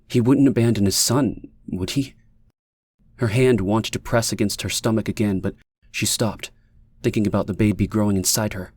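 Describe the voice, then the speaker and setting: A man reading an audiobook in a measured, even manner, as the narrator. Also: on the low side, slightly rough, dry recording. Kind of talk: scripted narration.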